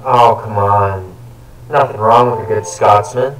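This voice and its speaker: A man's voice: fairly low pitch, steady tone, measured pace, soft background music. A man chatting casually during a game, teasing and sarcastic, with crude swearing. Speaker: gaming co-host. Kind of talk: casual gaming chat. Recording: echoey room, distant mic, faint noise.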